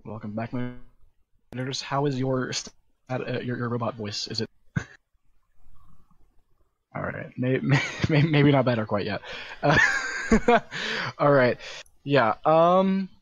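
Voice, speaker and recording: A man's voice: mid-range voice, unhurried, pauses often, no echo. Filler-heavy male esports caster, muffled. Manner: filler-heavy, thinks aloud, restarts often. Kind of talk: live game commentary.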